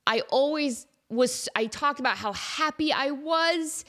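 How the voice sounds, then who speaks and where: A woman in her thirties hosting a comedy podcast, talking in a chatty, animated way and slipping into silly voices. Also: high-pitched, measured pace. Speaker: podcast host. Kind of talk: casual comedic monologue.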